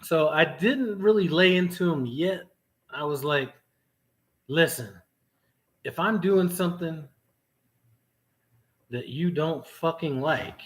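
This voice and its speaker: Profane, animated man telling a story. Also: a little high, measured pace, long pauses. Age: middle-aged. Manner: profane, animated retelling with quoted dialogue. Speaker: trucking vlogger. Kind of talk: casual storytelling vlog.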